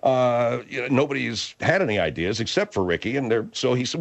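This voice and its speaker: A man's voice: mid-range voice, sing-song, brisk, hardly any pauses. A man hosting a comic radio show, rambling and stumbling over his words. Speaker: radio host.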